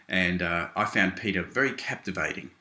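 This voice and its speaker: An Australian man speaks to the camera from a small home office, indignant and tangling his words as he rebuts a critic. His voice sits low but sounds bright and forceful. The small room gives it a noticeable echo. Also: normal speed. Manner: indignant, keeps saying "mate", many restarts. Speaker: video blogger responding to critics. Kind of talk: casual direct-address rant.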